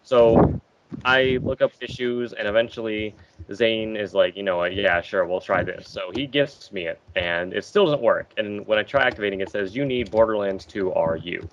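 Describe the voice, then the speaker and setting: Low-pitched male co-host, jokey rambling storyteller, lo-fi voice chat. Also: moderate pace, a little hiss or hum. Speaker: podcast co-host. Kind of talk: casual group chat.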